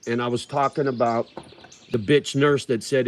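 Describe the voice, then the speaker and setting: A man's voice: mid-range voice, flat delivery, moderate pace, a little hiss or hum. A man hosting a livestream, chatting casually with viewers in a profane, rambling and heartfelt way. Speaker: livestream host.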